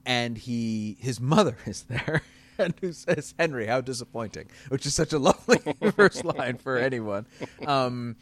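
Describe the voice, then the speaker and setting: Man, podcast host, casual chat, chatty, laughs easily, varied pitch. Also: animated, a little slow, a bit bright, no echo.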